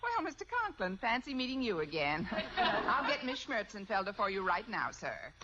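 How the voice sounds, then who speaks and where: A woman's voice: medium pitch, huge pitch swings, normal speed. An actress playing a wisecracking female schoolteacher with wry quips and laughing asides, in 1940s radio comedy acting. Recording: hissy lo-fi old radio broadcast.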